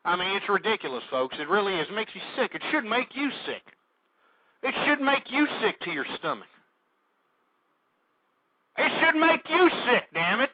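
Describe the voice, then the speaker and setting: A man's voice: high voice, sing-song, brisk. A man hosting a call-in radio talk show, angrily ranting with repeated rhetorical questions and insults. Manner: indignant, shouting insults, repetitive rhetorical questions. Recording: dull lo-fi internet radio audio.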